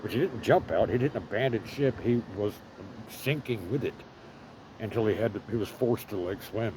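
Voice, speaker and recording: A man with a fairly low voice tells a rambling story, swearing heavily and leaning on fillers. He is recorded outdoors in an urban spot, and loud traffic noise fills the background. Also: normal speed. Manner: profane, rambling, full of fillers. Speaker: vlogger living homeless.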